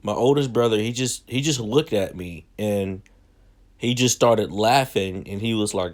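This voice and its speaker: A man's voice: fairly low pitch, measured pace. A young man casually telling a story from his childhood in slangy, self-mocking talk. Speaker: vlogger.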